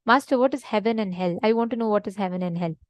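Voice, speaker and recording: A woman's voice: medium pitch, fast, no room sound, close to an everyday voice. A woman voicing a proud, hot-tempered male samurai warrior in a spoken teaching story, speaking earnestly.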